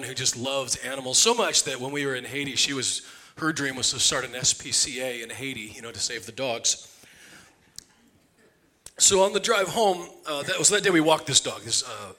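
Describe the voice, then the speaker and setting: A man preaching, telling a funny family story in a loose, conversational way. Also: mid-range voice. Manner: conversational, jokey, animated. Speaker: pastor. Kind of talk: humorous sermon storytelling. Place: church sanctuary.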